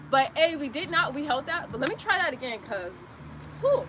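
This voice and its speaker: A woman's voice: sits high, animated, moderate pace, noisy background. A woman leading a live yoga class on a phone, chatty and encouraging, talking through her own effort between breath cues. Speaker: yoga instructor.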